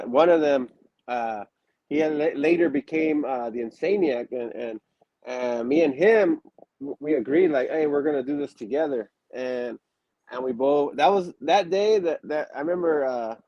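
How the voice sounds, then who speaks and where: A man's voice: on the high side, dry recording, lo-fi sound. A man in a casual interview, telling stories with many restarts and fillers and acting out quotes. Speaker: wrestler guest.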